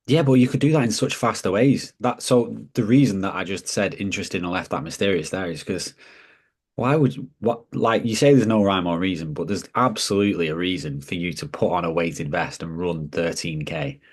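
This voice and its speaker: Dry teasing podcast co-host guy, really low voice. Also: brisk, husky. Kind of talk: casual podcast chat.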